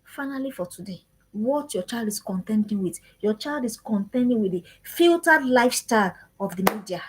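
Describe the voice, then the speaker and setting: A woman's voice: on the high side, animated, normal speed, a little hiss or hum, poor audio. A woman giving an earnest parenting talk, repeating her questions in a preaching cadence. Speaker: parenting speaker. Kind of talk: live-streamed parenting talk.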